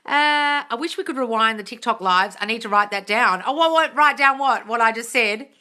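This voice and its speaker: In a slightly high voice at a fairly quick pace, a woman hosts a live manifesting Q&A stream and reads comments from viewers in casual chat. She swears liberally, calls them darling, and breaks out in gushing excitement.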